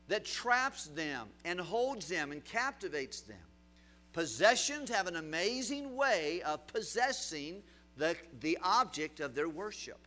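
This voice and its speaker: A male pastor delivers a sermon in a high-sitting voice, swinging between loud, emphatic bursts and quiet drops, and asking the congregation questions as he goes.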